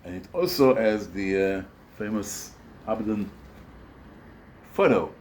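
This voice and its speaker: Slow, low-voiced hesitant man. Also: big pitch swings, darkish tone, slight background noise. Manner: hesitant, many fillers and restarts. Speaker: record collector showing his collection. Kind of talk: casual show-and-tell video.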